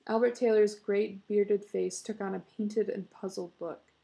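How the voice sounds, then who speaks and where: A woman narrating a story in a measured, expressive way. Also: mid-range voice, vocal fry, rough recording.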